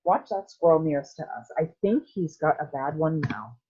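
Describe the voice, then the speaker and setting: Mister Wonka, a woman doing a brisk eccentric candy maker. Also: low voice, expressive, warm tone, husky, lo-fi sound. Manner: brisk, bossy, theatrical.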